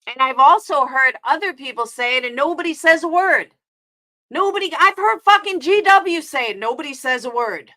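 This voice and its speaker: Bright-voiced, heated New York woman ranting. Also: high voice, lively intonation, normal speed. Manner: heated, profane, confrontational, answering chat. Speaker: streamer. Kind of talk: angry live-stream rant.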